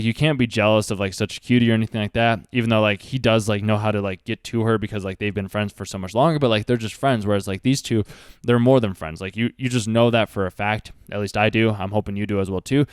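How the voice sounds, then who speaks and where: A man's voice: fairly low pitch, smooth, dry recording, clean studio sound. A man casually commenting on an anime and giving earnest life advice, rambling with lots of fillers. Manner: rambling, earnest, heavy use of "like". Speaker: anime reaction host.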